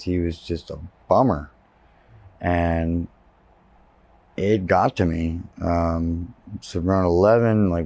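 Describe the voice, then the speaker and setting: Interviewee: low-pitched Texan man, candid first-person account, dry close sound. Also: darkish tone, dry recording. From Texas. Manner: candid, plain-spoken storytelling. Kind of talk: personal testimony.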